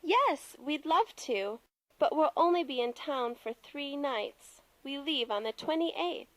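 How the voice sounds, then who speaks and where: A woman voicing a friendly caller in a textbook audio dialogue, speaking clearly and politely. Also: high-pitched, lively intonation, slow pace, no room sound, low-quality recording.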